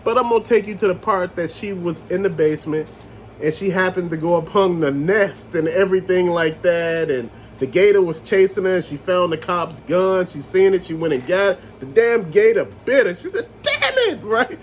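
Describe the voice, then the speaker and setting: High-voiced man ranting about a movie. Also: moderate pace, slight background noise, low-quality recording. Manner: animated storytelling, acts out scenes, laughs, addresses viewers as family. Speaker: movie reviewer. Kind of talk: casual movie review rant.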